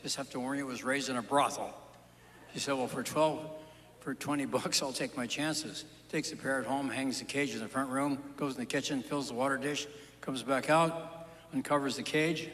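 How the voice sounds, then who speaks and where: A man telling stand-up jokes live, with punchy storytelling and quick asides. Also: mid-range voice, steady tone, fairly bright tone, long reverb tail, slight background noise. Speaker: stand-up comedian.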